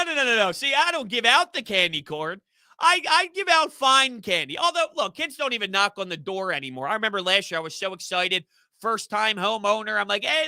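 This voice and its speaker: A young man chats through a sports live stream, rambling between viewer comments and laughing easily. His voice is high and very bright, with a clean, crisp tone. The sound is dry and close. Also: no echo. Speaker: sports YouTube host.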